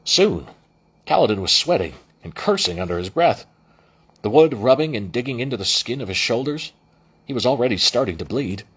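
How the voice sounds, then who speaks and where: A man's voice: medium pitch, expressive, normal speed, a bit bright, husky. A man reading a novel aloud as an amateur audiobook narrator, with frequent restarts and self-corrections. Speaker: audiobook reader.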